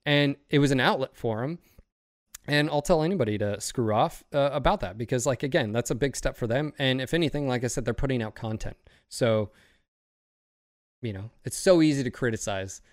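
A man in casual podcast talk, rambling and swearing freely as he gets worked up. His voice sits at an ordinary pitch. The recording is dry and close, with no room echo. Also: a little fast. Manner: rambling, profane, fired up. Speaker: streamer and podcast host.

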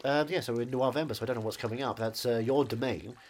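Deadpan male podcaster who talks fast and spins absurd tangents. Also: mid-range voice. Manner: deadpan, rambling absurd jokes. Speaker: podcast co-host. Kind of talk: casual comedic chat.

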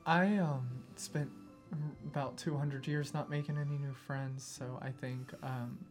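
A player in a tabletop role-playing game, speaking sincerely in character with halting pauses. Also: mid-range voice, steady tone, music in the background.

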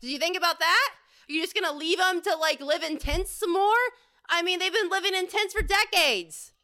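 A woman with a high, bright, sharp-edged voice rants solo on her own podcast. She is angry and swears freely as she rambles from point to point. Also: fairly quick. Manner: angry, profane, rambling rant. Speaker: podcast host. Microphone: home podcast setup.

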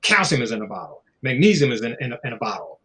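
A man's voice: medium pitch, sing-song, fast, a bit bright. A man in casual conversation, talking in a loose, profane, preachy way and acting out little voices as he goes. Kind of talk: casual chat.

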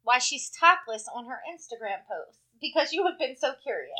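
A woman's voice: sits high, very animated, moderate pace, pushed and bright. A woman co-hosting a casual chat podcast, blunt and wisecracking. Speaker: podcast co-host.

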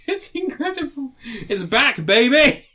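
A man co-hosting a podcast, telling stories excitedly, swearing often and laughing through them. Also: extremely high pitch, takes it slowly. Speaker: podcast co-host. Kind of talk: casual chat.

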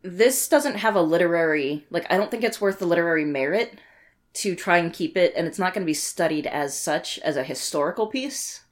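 A woman co-hosting a book podcast, speaking in a relaxed, thoughtful way with frequent "like" fillers. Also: lowish voice, brisk. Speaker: podcast co-host. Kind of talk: casual chat.

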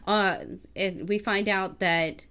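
A woman in casual chat about a movie, laughing easily and chiming in with quick agreement. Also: mid-range voice, steady tone, bright, forceful tone, clear, resonant tone.

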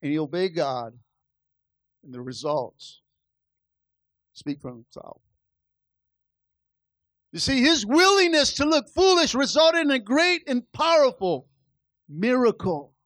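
A man preaching to his church in a very high voice. He retells scripture stories with dramatic acted-out lines and keeps calling for responses from the congregation. The sound is close and dry. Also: huge pitch swings, slow, pauses often, fairly bright tone, dry recording. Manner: dramatic storytelling, acting out biblical characters; call-and-response exhortation. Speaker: pastor. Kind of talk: sermon.

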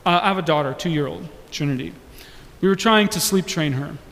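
High-voiced pastor preaching in a reverberant hall. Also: male voice, fairly quick, fairly bright tone. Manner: earnest, rhetorical questions to the congregation. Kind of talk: sermon.

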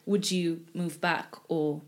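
A woman's voice: deep voice, fairly even intonation, slow. A woman hosting an interview, asking questions in an encouraging way. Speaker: interviewer, host.

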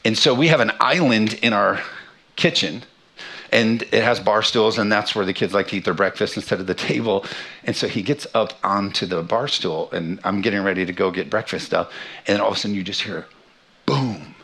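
A man's voice: on the low side, fairly quick, pushed and bright. A man in his thirties, a pastor preaching a sermon, telling a funny family story with self-deprecating humor. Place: church sanctuary.

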